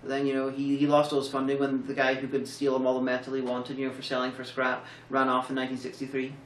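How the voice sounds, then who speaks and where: A woman's voice: rumbling low, monotone, fast, a little hiss or hum. A woman co-hosting a casual film review, tired and rambling through sarcastic, jokey riffs with plenty of restarts. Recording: roomy, distant mic.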